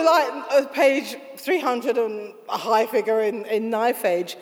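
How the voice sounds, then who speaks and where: Lively woman author chatting away, laughs a lot, does little voices, bit of reverb. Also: a little high, takes it slowly, few pauses. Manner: animated, laughing, acts out quoted voices. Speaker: author being interviewed. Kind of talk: casual interview storytelling.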